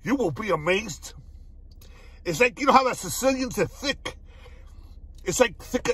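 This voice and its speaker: A man doing a casual food review vlog, excitable, laughing often and calling his viewers "my brothers" again and again. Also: sits high, a little slow, pauses often, husky, no echo.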